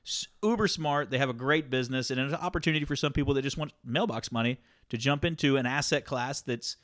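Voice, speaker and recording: This man talks fast in a mid-range voice as he co-hosts a casual podcast. He's an animated storyteller, and his chat is full of laughter.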